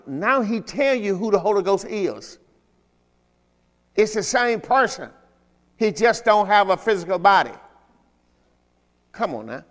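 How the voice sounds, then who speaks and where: High-voiced preacher with hall reverb. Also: male voice, sing-song, unhurried, pauses often, fairly bright tone. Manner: emphatic, repeatedly checks understanding with questions. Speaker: pastor. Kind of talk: sermon. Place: church service.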